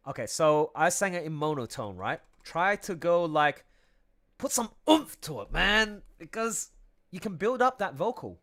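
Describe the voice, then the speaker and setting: A man's voice: a little high, expressive, measured pace, fairly bright tone. A man who draws comics, chatting casually on a livestream in a playful way, laughing often and breaking into song. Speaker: comic artist streaming his work.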